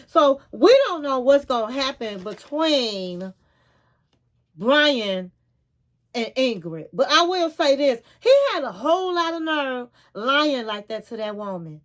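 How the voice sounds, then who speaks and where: A woman's voice: high-pitched, sing-song, takes it slowly, fairly bright tone. A woman casually recapping a reality show and giving frank advice, calling her viewers honey and queens. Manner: chatty, retells scenes with quoted dialogue.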